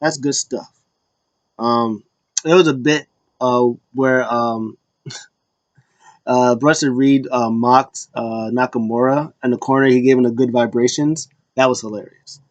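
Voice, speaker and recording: A man's voice: medium pitch, fairly even intonation, unhurried, no echo, dull audio. A man hosting a casual solo recap, rambling with many fillers and acting out quotes in passing. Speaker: wrestling show recap host.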